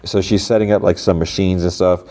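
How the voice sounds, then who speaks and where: A man's voice: low voice, flat delivery, fairly quick, dark tone. A man hosting a podcast, casually recapping a TV episode in a loose, rambling way full of filler words. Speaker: podcast host.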